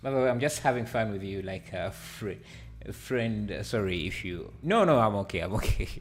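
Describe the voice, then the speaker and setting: A man hosting a live software tutorial, hesitant and full of fillers, laughing easily as he reads the chat. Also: on the low side, animated, normal speed, husky, soft background music. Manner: hesitant, many fillers and restarts. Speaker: livestreaming 3D tutor. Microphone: headset.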